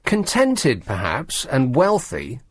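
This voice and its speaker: A man's voice: mid-range voice, wildly swooping pitch, slow pace, breathy edge. A man hosting a talk radio show, grumbling and mocking in a sardonic monologue from a studio mic. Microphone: studio microphone.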